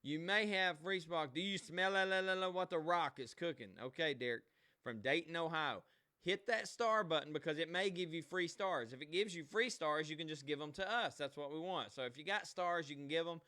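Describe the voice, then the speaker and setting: A man's voice: a little high, moderate pace, sharp tone. A man hosting a live online show alone, chatting casually and folksily straight to his viewers. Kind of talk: casual livestream chat.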